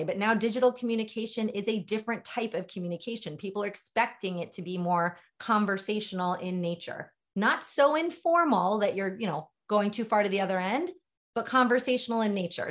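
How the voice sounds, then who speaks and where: Middle-aged woman teaching a sales writing webinar, emphatic and chatty, direct, mid pitch. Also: brisk. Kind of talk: webinar training talk.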